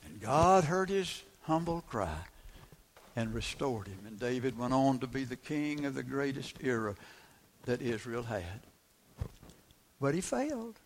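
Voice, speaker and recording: A man's voice: mid-range voice, lively intonation, unhurried, pauses often. A man preaching a sermon, emphatic, repeating key phrases and asking the congregation rhetorical questions.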